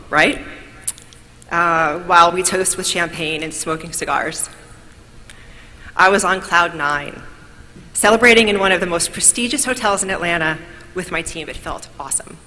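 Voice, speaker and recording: A woman from New York gives an upbeat speech of thanks at an awards event. Her voice is bright and a little lower than most. A long hall reverb trails her words, with faint noise underneath. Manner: grateful, upbeat, storytelling. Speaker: award speaker.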